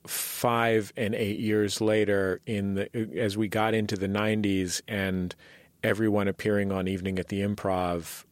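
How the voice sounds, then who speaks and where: A male host interviewing a guest, asking long, measured questions with some hesitant ums. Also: on the low side, little pitch movement, dry recording.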